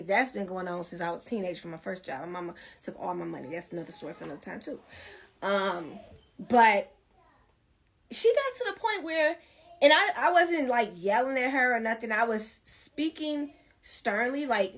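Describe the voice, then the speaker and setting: Woman, candid storyteller, blunt and frank, middle pitch. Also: moderate pace. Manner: blunt, heated, frank retelling with acted quotes. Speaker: guest telling her life story.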